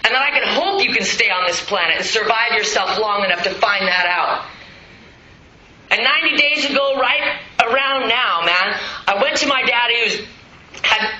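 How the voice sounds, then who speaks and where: A middle-aged woman giving a raw, blunt personal testimony at a recovery meeting, swearing freely and swinging between loud bursts and hushed lines. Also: a little high, animated, normal speed, echoey room, muffled recording. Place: meeting hall.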